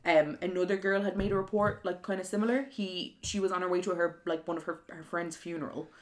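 Fast-talking woman telling a story. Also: on the low side. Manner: animated, acts out quotes. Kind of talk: casual storytelling chat.

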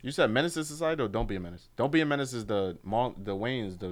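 A man's voice: medium pitch, expressive, fast talker. A young man, a podcast co-host trading jokes and teasing his friends in casual chat. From New York. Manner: joking, teasing banter. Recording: crowd noise behind.

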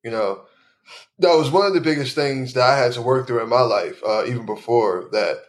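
A man's voice: mid-range voice, moderate pace. A man from Chicago who is a guest on a podcast. He speaks thoughtfully and encouragingly, often repeating words as he works out what to say. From Chicago, USA. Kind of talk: conversational interview.

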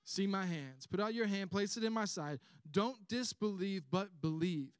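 A gentle, reassuring Jesus, as a preacher acts him out in a high, lifted voice that is louder than plain talk. The words are earnest and emphatic. The sound is dry and close, with no room echo. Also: male voice, expressive, moderate pace, smooth. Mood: urging.

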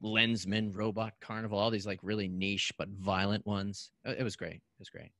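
A man from Canada tells stories on a podcast, animated and quick to act out voices. His voice sits low but sounds bright and forceful. The recording is close and dry, with no room sound. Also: no room sound. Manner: animated, acts out voices in anecdotes. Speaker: podcast guest, actor. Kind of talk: casual storytelling.

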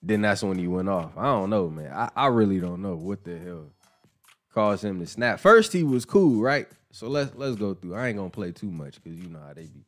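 A man's voice: low voice, moderate pace. A man, commenting casually and profanely on a boxing match as podcast host. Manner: animated, profane, laughing.

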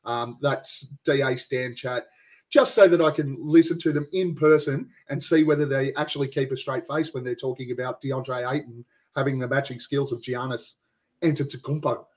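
A man's voice: medium pitch, steady tone, moderate pace. An Australian man hosting a podcast, laughing and swearing through casual banter. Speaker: podcast host. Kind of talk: casual chat.

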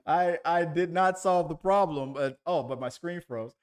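A man with a slightly higher voice chats on a podcast over a video call. He rambles and restarts as he tells stories. He pokes fun at himself along the way. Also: measured pace, smooth. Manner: rambling, self-deprecating storyteller with many restarts. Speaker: podcast co-host. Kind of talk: casual chat.

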